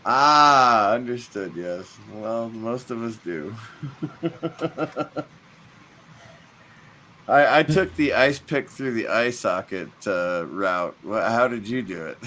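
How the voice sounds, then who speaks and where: A man's voice: medium pitch, animated, takes it slowly, pauses often, bright, forceful tone. A man hosting a livestream, chatting casually with friends in a joking, teasing way and often laughing. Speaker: livestream host. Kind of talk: casual group chat on a livestream.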